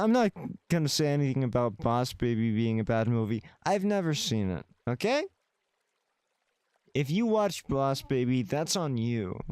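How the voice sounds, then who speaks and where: A man's voice: medium pitch, a little mellow, clear, resonant tone, no echo, studio quality. A man streaming a visual novel, reading the game text aloud with casual, wry asides to his chat.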